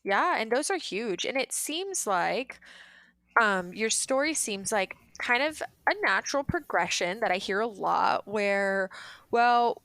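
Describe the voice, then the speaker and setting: A woman's voice: mid-range voice, expressive, unhurried, a bit bright, dry recording. A woman hosting a podcast interview, reflecting on her guest's story in a conversational way. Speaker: podcast host.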